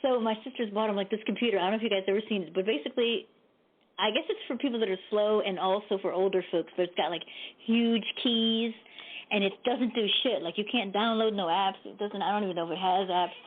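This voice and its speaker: A chatty woman hosts a radio show and tells stories with frequent laughs and casual swearing. Her voice comes through a thin, phone-like line. Her pitch sits in a middle range. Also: fast. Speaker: host. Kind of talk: casual chat on a live internet radio show.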